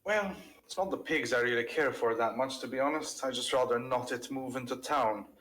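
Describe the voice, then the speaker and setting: A man playing a tabletop game, discussing plans in a polite, deliberate way and thinking aloud. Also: medium pitch, a bit bright, poor audio. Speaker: player. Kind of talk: in-character tabletop play discussion.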